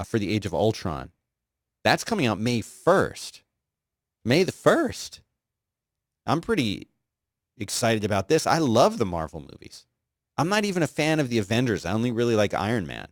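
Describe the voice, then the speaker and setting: Man, podcast host, casual chat, rambling and eager, lowish voice, dry close sound. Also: sing-song, normal speed, no echo. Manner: enthusiastic, rambling, playful.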